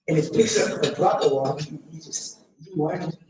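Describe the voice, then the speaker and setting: A man delivering a sermon, addressing his congregation and building to shouted emphasis. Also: fairly high pitch, normal speed. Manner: preaching with rising shouted emphasis. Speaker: imam. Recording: echoey hall, mic from far off.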